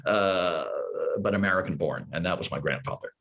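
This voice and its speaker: A man in his sixties from Hawaii, an actor telling anecdotes in an interview, lively and full of restarts. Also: low voice, moderate pace. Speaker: actor, guest. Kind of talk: casual interview storytelling.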